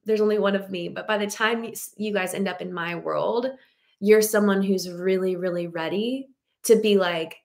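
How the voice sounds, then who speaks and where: A woman dating coach speaks straight to her audience in an earnest, encouraging way. Her pitch sits in an ordinary middle range. She talks to her listeners directly, like a group of friends. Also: normal speed, creaky. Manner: earnest, encouraging, addresses listeners as "you guys". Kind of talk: motivational talk to an audience.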